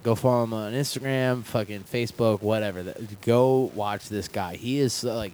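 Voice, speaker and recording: A comedian hosting a casual podcast chat at home, a little drunk, rambling and trailing off. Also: male voice, fairly low pitch, a little hiss or hum.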